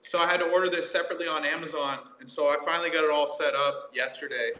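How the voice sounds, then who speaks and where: Bright, eager man chatting. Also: a little high, steady tone, fast talker, muffled recording. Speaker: guest. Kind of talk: casual podcast chat.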